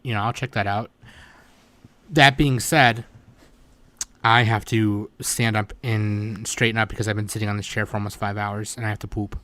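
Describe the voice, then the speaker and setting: A man's voice: on the low side, steady tone, normal speed, bright, forceful tone, no room sound. A man hosting a casual anime podcast, laid-back and tired, with lots of fillers and swearing. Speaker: podcast host. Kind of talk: casual chat.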